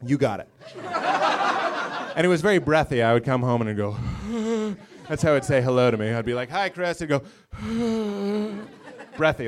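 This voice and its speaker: A man performing a stand-up set at a comedy club, swinging between shouting and low mumbles, with the audience laughing. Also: slight background noise. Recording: live crowd laughing.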